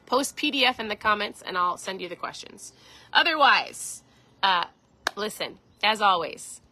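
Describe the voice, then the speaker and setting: A woman's voice: medium pitch, lively intonation, moderate pace, bright, forceful tone, rough recording. A middle-aged woman hosting a podcast, talking earnestly and casually straight to her listeners. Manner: earnest, conversational, addresses listeners directly. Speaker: podcast host. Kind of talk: casual motivational talk.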